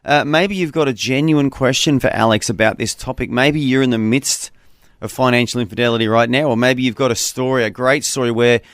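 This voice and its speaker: A man hosting a call-in radio show, with a voice that sits in the middle of the male range. He talks in an easy, story-telling way and slows down to repeat a phone number. The studio sound is close and dry. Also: mid-range voice, no echo.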